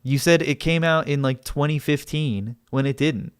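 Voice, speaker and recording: Exasperated streamer man, heated and fast. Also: on the high side, clean tone, no room sound, clean studio sound. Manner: heated, exasperated, argumentative, swears a lot. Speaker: livestreamer. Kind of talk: live stream chat argument.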